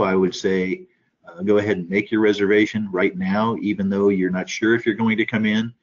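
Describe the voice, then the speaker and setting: A man giving a policy briefing on a conference call, speaking haltingly with many fillers and restarts. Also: deep voice. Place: office in Washington. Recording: muffled conference call audio.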